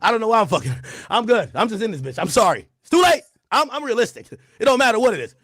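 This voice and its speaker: Animated high-voiced streamer man. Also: very fast, husky, no echo, studio quality. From Jamaica. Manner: loud, animated storytelling with laughs and acted quotes. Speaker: streamer host. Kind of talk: casual livestream chat.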